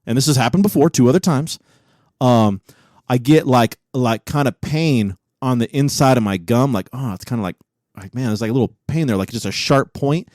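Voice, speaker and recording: A man in his forties, co-hosting a podcast, telling stories in a profane, animated way and laughing often. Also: fairly high pitch, dry recording, studio quality. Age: 40s. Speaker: podcast co-host. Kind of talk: casual chat.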